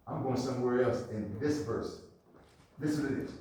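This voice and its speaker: A man preaching a sermon emphatically, repeating phrases, swinging between shouts and hushed asides, and calling out to his congregation. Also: medium pitch, sing-song, measured pace, long pauses. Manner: addresses the congregation directly, calls for responses. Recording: very echoey, mic far from the speaker.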